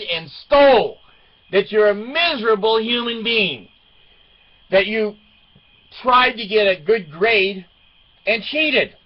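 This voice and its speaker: A man's voice: sits high, highs cut off. Older man rambling through a joking story. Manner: rambling, joking, laughs often. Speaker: vlogger. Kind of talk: casual storytelling monologue.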